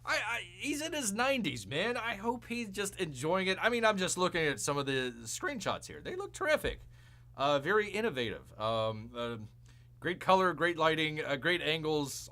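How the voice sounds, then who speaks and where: A man's voice: fairly high pitch, bright, forceful tone. A man hosting a live show, rambling through casual commentary and calling himself Bear with jokey, mock-outraged asides.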